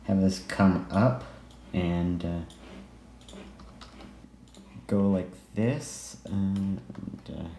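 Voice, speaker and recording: A man talks over a game in slow, hesitant fragments, filling gaps with ums as he thinks aloud. His voice sits deep and mellow. The recording carries a roomy echo and faint background noise. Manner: musing, halting, many ums and pauses. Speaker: let's play gamer. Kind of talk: casual game commentary. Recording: echoey room, faint noise.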